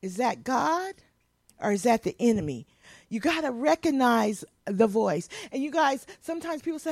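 A woman's voice: a little high, big pitch swings, normal speed, vocal fry, a little mellow, no echo. Woman pastor preaching, folksy and punchy, dry close sound. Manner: preachy call-and-response, folksy, emphatic. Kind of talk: sermon.

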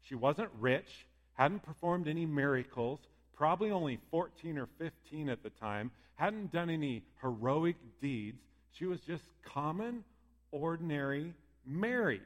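A man preaching a sermon in a conversational, lively way, often acting out what people might say. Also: fairly high pitch, a little slow. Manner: lively, conversational, acts out quoted voices. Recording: long hall reverb.

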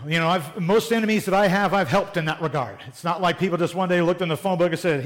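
A man's voice: sits high, expressive, quick pace, hardly any pauses. A man preaching a sermon in a plain-spoken, conversational way, often acting out little quoted exchanges. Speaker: pastor.

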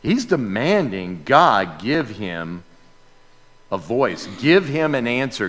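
Pastor guy preaching slow and dramatic, goes quiet then loud, big echoey church hall. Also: mid-range voice, sing-song. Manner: emphatic, swinging between quiet asides and loud outbursts. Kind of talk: sermon. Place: church sanctuary with a sound booth. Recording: long reverb in a large hall.

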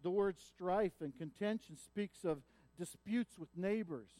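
Preacher: high-pitched man, dry close sound, earnest sermon delivery that builds to pleading cries. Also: unhurried, dark tone, dry recording. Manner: earnest preaching that swells when voicing a prophet's cries. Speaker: pastor.

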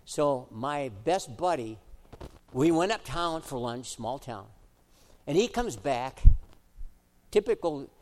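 A middle-aged man preaching a sermon in a high, bright-edged voice and at an unhurried pace. He moves from emphatic exhortation to relaxed, conversational storytelling. The long echo of a church sanctuary trails behind every phrase. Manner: swings from emphatic preaching to quiet, chatty storytelling. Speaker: pastor. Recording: echoey hall reverb.

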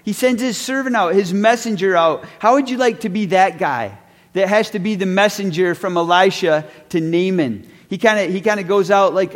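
A man's voice: sits high, moderate pace, in a large hall. A man preaching a sermon, retelling a story in a conversational way and briefly acting out the characters. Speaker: pastor.

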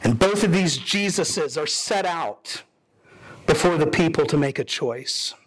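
A man's voice: lively intonation, a little slow. A man preaching a sermon as pastor, telling a story dramatically with sudden rises and drops in his voice. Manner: dramatic storytelling preacher, voicing characters with pitch swings.

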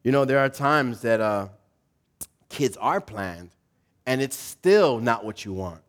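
A pastor delivers a conversational sermon in a casual, slangy way, animatedly telling stories and acting out different voices. His voice is medium-pitched and he takes it slowly.

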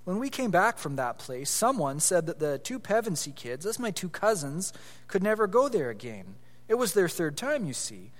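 A man's voice: high-pitched, sing-song, moderate pace, in a large hall. A man voicing an earnest, solemn and slightly bossy schoolboy in a read-aloud story.

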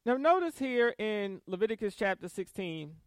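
A man preaching a sermon, emphatic and animated, reading verses and adding quick asides with soft laughs. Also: sits high, clear, resonant tone, no room sound. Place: church service.

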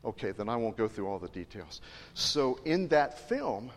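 A man's voice: medium pitch, big pitch swings, moderate pace. A male pastor preaching a sermon in a chatty, digressive way, joking with and questioning his congregation. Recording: long reverb in a large hall.

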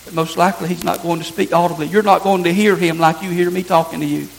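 A male pastor with a strikingly high voice delivers a sermon. He speaks earnestly and with emphasis, repeating phrases to press each point home. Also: fairly even intonation, fast, vocal fry, rough recording. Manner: earnest, emphatic preaching with repetition.

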